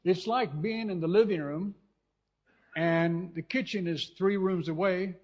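A man's voice: high-pitched, measured pace, a little mellow. A man from California preaching a sermon with fervent, repetitive delivery, often restarting and turning to the congregation with asides. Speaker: pastor. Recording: dull lo-fi recording.

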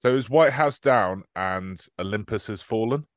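A man's voice: lowish voice, moderate pace, dry recording, clean studio sound. A man co-hosting a film podcast from home, chatting casually and laughing often as he rattles off titles. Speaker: podcast co-host. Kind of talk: casual film-review chat. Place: remote recording, apart from co-host.

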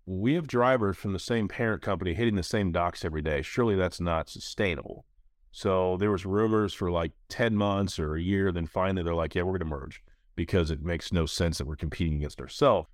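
A man in his thirties hosting a casual podcast, telling stories in an animated way. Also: low-pitched, fairly quick, no room sound, clean studio sound. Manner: animated storyteller, acts out quoted voices. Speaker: podcast host.

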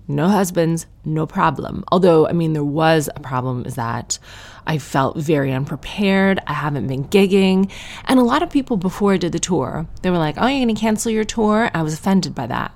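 Low, gravelly woman ranting comically. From Canada. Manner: brash, ranting, animated outbursts. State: tired new mother. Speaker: comedian podcast host. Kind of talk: casual comic monologue.

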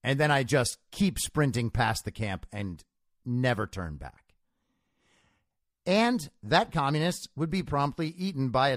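A man's voice: mid-range voice, no echo, clean studio sound. A man hosting a show, delivering a solo commentary monologue in a conversational, emphatic way and telling stories to make his points. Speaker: show host.

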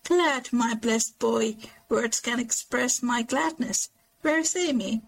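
A woman reading aloud as Jo, a lively warm-hearted young woman who exclaims her lines. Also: on the high side, slow pace, vocal fry, full character voice. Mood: excited.

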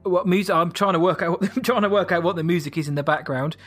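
A man's voice: sits high, quick pace, a bit bright, soft background music. A man playing a character in a tabletop role-playing game, confident and jokey. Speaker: player.

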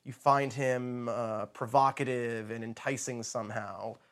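Male podcast co-host, mid pitch, wry and joking, laughs easily. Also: fairly even intonation, unhurried. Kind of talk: casual film review chat.

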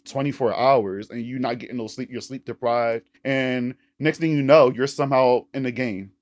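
A man's voice: mid-range voice, fairly even intonation, moderate pace, darkish tone. Man, podcast co-host, mid-range voice, laid-back, laughs often, thinks aloud, casual film talk.

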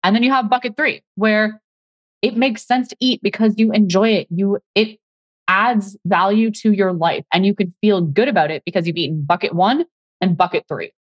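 A woman's voice: mid-range voice, normal speed, dry recording, lo-fi sound. A woman fitness coach hosting a podcast, talking in a chatty, upbeat way and speaking straight to her listeners. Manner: chatty, upbeat, keeps saying "you guys". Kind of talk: live podcast talk, reading out audience chat.

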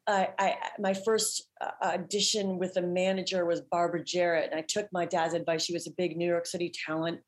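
A woman guest telling animated, chatty stories in an interview, full of restarts. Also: fairly low pitch, brisk, hardly any pauses. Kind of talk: storytelling in an interview.

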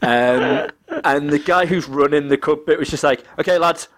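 A man's voice: fairly high pitch, normal speed. A man telling a rambling, laugh-filled anecdote in casual chat, acting out other people's voices as he goes. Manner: rambling, laughing often, acts out quoted voices.

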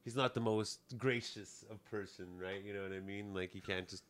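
A man's voice: lowish voice, fairly even intonation, normal speed. Rambling, swearing man musician. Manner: rambling, profane, fillers like "you know what I mean". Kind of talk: casual storytelling.

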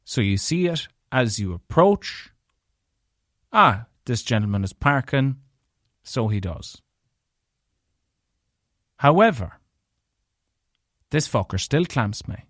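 An Irish man hosts a podcast alone and tells a story of his own. He is animated and angry and swears freely, at a middling pitch. The sound is dry and close, with no room around it. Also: slow, long pauses, no echo. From Ireland. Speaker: podcast host. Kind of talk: solo storytelling rant.

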